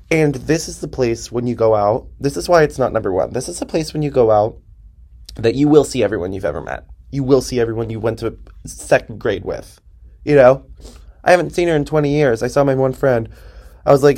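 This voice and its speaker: A young man with a New Jersey accent, hosting a podcast and ranting in an animated, profane, exaggerated way from a basement. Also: mid-range voice, a little fast. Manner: animated, profane, hyperbolic ranting with frequent laughs. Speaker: podcast host. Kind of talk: casual comedic monologue. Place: parents' basement.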